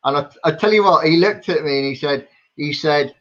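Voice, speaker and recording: A man with a fairly high voice tells stories as a guest in a casual discussion. His sound is dull and lo-fi, with the top end muffled. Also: brisk, fairly bright tone. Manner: anecdotal, storytelling. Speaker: guest medium.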